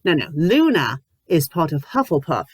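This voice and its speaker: A woman's voice: low-pitched, big pitch swings, moderate pace, breathy edge, dry recording. Exasperated woman ranting a comedic review. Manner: exasperated, ranting, bursts into shouting; says "bloody" often. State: sick with covid, a little loopy. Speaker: fanfiction reviewer.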